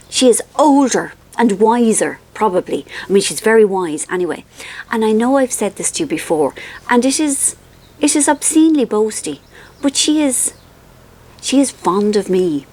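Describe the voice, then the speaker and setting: Irish woman, casual to-camera chat, wilting in the heat, wry and rambling, slightly high voice. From Ireland. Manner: chatty, rambling, self-mocking, with frequent ums. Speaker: vlogger.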